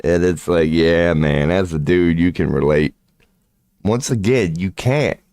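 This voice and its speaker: A man with a very low voice rambles through a crude, swaggering monologue. He swears constantly and breaks into laughter between phrases. The recording is close and dry, with no room sound. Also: unhurried, a little mellow, no echo. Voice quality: crude, swaggering, profanity-laced talk. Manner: laughs often mid-sentence. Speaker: channel host.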